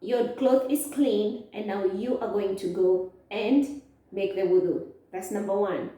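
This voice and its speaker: A woman teaching a lesson to children, speaking slowly, asking questions and answering them herself. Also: mid-range voice, fairly even intonation, mellow. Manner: slow, drawn-out, asks questions and answers them. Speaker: Islamic studies teacher. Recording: echoey, from far off.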